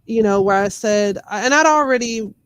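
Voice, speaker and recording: A woman with a high-leaning voice and moderate pace appears as a podcast guest in a casual interview. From Memphis, USA, she works as a lawyer and comedian and talks bluntly and emphatically in a thick Southern accent.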